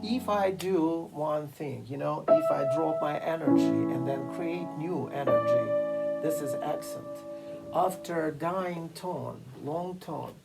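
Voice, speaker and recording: A piano teacher giving a masterclass lecture, explaining slowly and deliberately with frequent fillers and pauses. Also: medium pitch, creaky, poor audio. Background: occasional piano playing.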